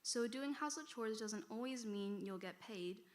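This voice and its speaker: A woman's voice: fairly high pitch, normal speed. A female student debater making a rebuttal in a church hall, posing rhetorical questions to the audience.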